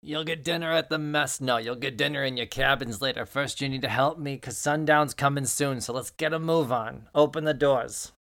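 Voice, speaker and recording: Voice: medium pitch, moderate pace, hardly any pauses, a bit bright. A game master casually narrating and describing scenes in a tabletop game.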